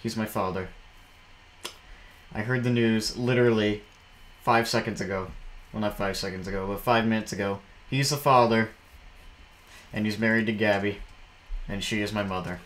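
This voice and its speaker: A man's voice: fairly low pitch, fairly even intonation, normal speed, long pauses, fairly bright tone, a little hiss or hum, rough recording. Rambling young man narrating a game. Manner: jumpy, rambling, shrieks when startled. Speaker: gameplay commentator. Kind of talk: casual gameplay commentary.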